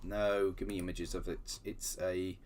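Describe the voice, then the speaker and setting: A man's voice: low-pitched, flat delivery, measured pace, a little mellow, a little hiss or hum. A man hosting a casual livestream, chatting in a rambling, self-deprecating way with many restarts, keyboard typing behind him. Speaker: livestream host.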